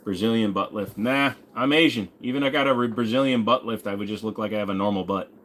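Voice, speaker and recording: Talking quickly in a lowish, somewhat bright voice, a man in his forties hosts a laid-back livestream with a bit of background noise. He reads questions from viewers and fires back jokes, swearing a little along the way.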